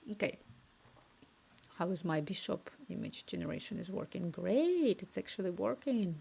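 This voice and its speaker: A woman streaming herself coding, thinking aloud and dictating requests haltingly into a cheap microphone at home. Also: medium pitch, expressive, vocal fry, dark tone, breathy edge.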